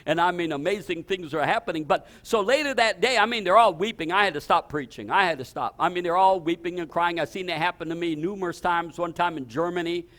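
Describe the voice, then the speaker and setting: Older man, pastor; high voice, animated storytelling sermon, repeats and builds to exclamations. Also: quick pace, few pauses. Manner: animated, repetitive restarts, rising to exclamations.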